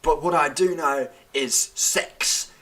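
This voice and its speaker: A man's voice: fairly high pitch, slow pace, pushed and bright. A man putting on a cheeky young working-class man with a Cockney accent, talking bluntly and cockily. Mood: cocky.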